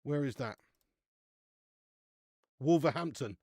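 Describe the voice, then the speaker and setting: A man's voice: mid-range voice, takes it slowly, mellow, slightly rough, no echo, clean studio sound. Chatty male live-stream beer reviewer. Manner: chatty, laughs often, calls viewers mate. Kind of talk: casual live-stream chat.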